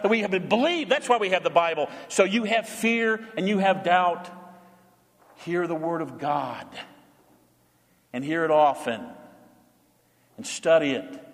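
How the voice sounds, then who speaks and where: A male pastor preaching a sermon, emphatic, moving between loud proclamation and quiet asides. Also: high-pitched, long reverb tail.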